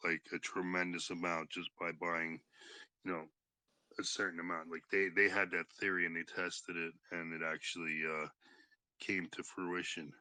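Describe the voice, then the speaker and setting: A man chatting casually on a podcast, talking hesitantly with many pauses. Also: sits low, little pitch movement, sharp tone, no room sound. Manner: hesitant, full of fillers and restarts. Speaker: podcast participant. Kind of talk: casual chat.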